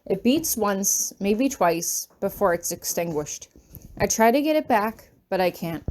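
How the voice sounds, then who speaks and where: Expressive woman reading a story aloud. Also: medium pitch, unhurried, slight background noise. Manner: expressive, dramatic. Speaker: fanfiction reader. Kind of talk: first-person audiobook narration.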